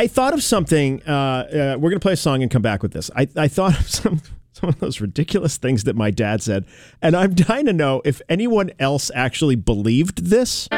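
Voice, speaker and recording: A man hosting a radio show, chatting casually with co-hosts, laughing easily and often restarting his sentences. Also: on the high side. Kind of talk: casual studio chat.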